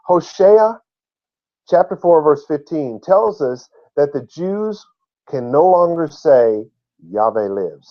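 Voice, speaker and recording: Emphatic man teaching scripture, lo-fi. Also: medium pitch. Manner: emphatic, laughs at his own slips. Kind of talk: sermon-style Bible teaching.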